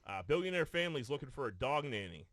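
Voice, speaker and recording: In a podcast studio, a male co-host chats casually through a profane story, with plenty of restarts and quotes he performs. He has a mid-range, sing-song voice, talks fast, and sounds a bit bright, with no echo.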